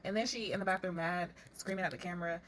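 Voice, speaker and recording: A woman's voice: lowish voice, fairly even intonation, a bit bright, a little hiss or hum. A woman recapping a reality show in a casual, gossipy way, chatty and full of slang. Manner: fast, chatty retelling with laughs and slang.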